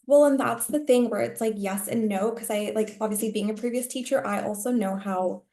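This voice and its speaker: A woman who used to be a teacher, talking casually on a coaching call and telling rambling, animated stories full of fillers. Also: medium pitch, fairly quick. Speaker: coaching client, former teacher.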